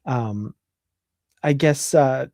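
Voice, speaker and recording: Casting note: mellow male co-host, relaxed and thoughtful, dry close sound. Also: medium pitch, drawn-out words, no echo. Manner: thoughtful, relaxed, hesitant with fillers. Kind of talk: casual chat.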